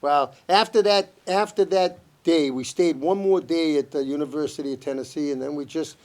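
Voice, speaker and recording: A man with a strong Boston accent, a guest in a casual TV chat who tells his stories with lively energy. His voice sits a little higher than most men's. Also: normal speed. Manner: animated, lively storyteller.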